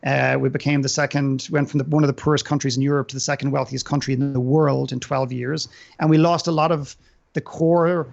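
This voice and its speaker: A man's voice: mid-range voice, flat delivery, fairly quick, creaky, a little mellow, muffled recording. An Irish man, a podcast guest, speaking earnestly and inspirationally, often repeating words as he builds a point. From Ireland. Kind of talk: inspirational interview talk.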